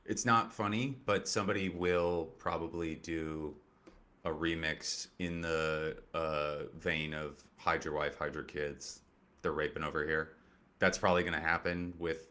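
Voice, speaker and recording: Man, low voice, comedian host, profane, rambling, sarcastic commentary. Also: unhurried, fairly bright tone. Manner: profane, rambling and sarcastic, with many fillers and restarts. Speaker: stand-up comedian hosting a commentary show. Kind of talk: casual political comedy commentary.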